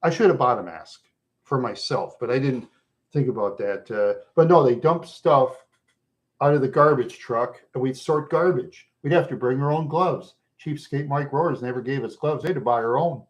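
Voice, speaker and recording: Rough-voiced man rambling with chuckles. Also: medium pitch, normal speed, highs cut off. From Minnesota. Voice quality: rough voice worn down by smoking. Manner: chuckles often between loose, rambling stories. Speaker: livestream host chatting with viewers. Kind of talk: casual rambling chat.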